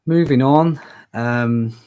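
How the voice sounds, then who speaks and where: A man's voice: medium pitch, slow, mellow, clear, resonant tone. A man from Northern Ireland with a Northern Irish accent, talking casually on a livestream and often checking in with "okay?". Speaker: mental health livestreamer.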